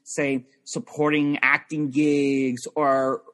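A man's voice: mid-range voice, little pitch movement, takes it slowly, a bit bright. A young man in casual chat, rambling with lots of fillers and restarts.

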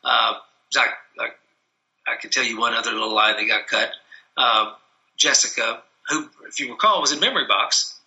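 A man's voice: mid-range voice, moderate pace, creaky, bright, forceful tone, lo-fi sound. A man talking casually about the short film he wrote, rambling with many fillers and restarts. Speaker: filmmaker interviewed about his short film. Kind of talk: casual interview.

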